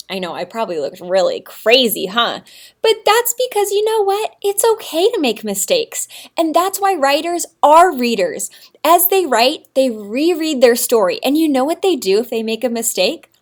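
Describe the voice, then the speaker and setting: A woman's voice: on the high side, sing-song, moderate pace. A woman teacher giving a recorded writing lesson to young children, in an exaggerated, encouraging sing-song manner.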